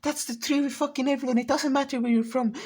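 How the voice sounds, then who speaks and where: A woman's voice: high-pitched, fairly even intonation, quick pace, darkish tone, husky. A woman vlogger in a rambling, profane rant, full of restarts and asides. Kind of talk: casual ranting commentary.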